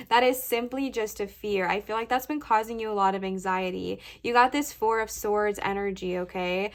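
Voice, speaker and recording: A young woman giving a casual pick-a-card tarot reading to camera, chatty and reassuring, often checking in with "okay, bestie?". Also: mid-range voice. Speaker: tarot reader.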